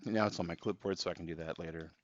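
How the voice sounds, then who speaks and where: A man streaming a video game and chatting casually with viewers, relaxed and rambling, with many fillers and restarts. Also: low voice, very fast, slight background noise. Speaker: gaming livestreamer. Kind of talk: casual live-stream chat while playing. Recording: slightly dull stream audio with faint game music.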